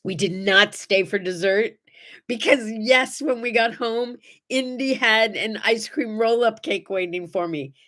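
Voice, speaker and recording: A woman hosting a morning livestream, chatting casually to viewers and acting out the people in her stories with lively, expressive delivery. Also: unhurried. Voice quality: animated storyteller, acts out the people in her stories. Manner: bursts into high squeals when greeting viewers. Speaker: host of a morning livestream show. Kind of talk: casual chat to live viewers.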